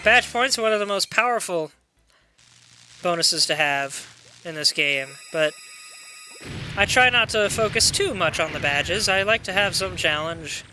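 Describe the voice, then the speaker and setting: A man's voice: high voice, expressive, a little slow, pushed and bright, a little hiss or hum. A man commentating on his own video game playthrough in a chatty, casual way, sometimes reading the on-screen text aloud. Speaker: gameplay commentator. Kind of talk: let's play commentary.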